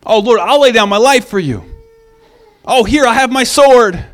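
A man's voice: very high voice, animated, normal speed, fairly bright tone, pitched above the performer's own voice. A man acting out an eager, boastful male apostle who always insists he has a plan.

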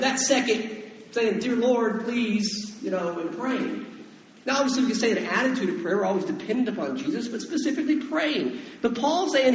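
Man, pastor, conversational sermon, asks questions, roomy sound, muffled lo-fi recording. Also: very high voice. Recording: echoey hall, dull sound.

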